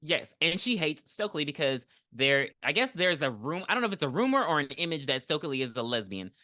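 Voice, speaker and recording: A man co-hosting a podcast, chatting casually about a movie in a laughing, profane, expressive way. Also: on the high side, fast talker, dry recording, clean studio sound. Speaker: podcast co-host. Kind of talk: casual movie review chat.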